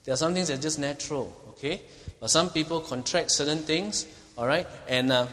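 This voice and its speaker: A man's voice: on the high side, brisk, fairly bright tone, a little hiss or hum. A man preaching an expository sermon, teaching with emphasis and often checking in with his listeners by asking "okay?". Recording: long reverb of a hall.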